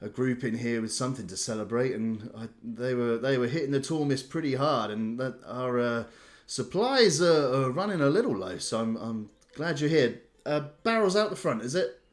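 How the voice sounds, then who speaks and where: A harried but friendly middle-aged innkeeper, as a man plays him, glad of an old friend and tired of his duties. The voice sits in an ordinary middle pitch, warm and slightly exasperated. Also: lively intonation, moderate pace, close to an everyday voice.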